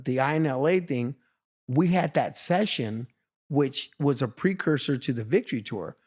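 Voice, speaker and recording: Animated man telling stories, higher voice. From Los Angeles, USA. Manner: lively, acts out other people's lines in his stories. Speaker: guest, veteran street dancer. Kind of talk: animated storytelling in a casual interview.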